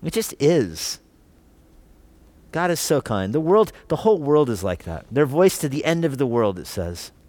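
Animated man preaching a sermon. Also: mid-range voice, moderate pace, dry recording. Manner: animated, conversational preaching with rhetorical questions. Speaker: pastor. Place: church.

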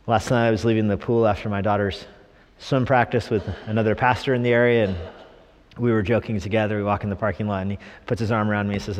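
Joking pastor preaching in an echoey hall. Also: male voice, lowish voice, fast. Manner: humorous, animated preaching with mock voices. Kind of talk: sermon. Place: church sanctuary.

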